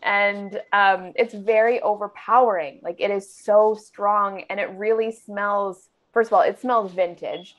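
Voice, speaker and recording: A woman's voice: mid-range voice, fairly even intonation, a little slow, hardly any pauses. A woman co-hosting a podcast, chatting casually with giggles and many fillers. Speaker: podcast co-host. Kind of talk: casual chat. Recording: dull lo-fi sound.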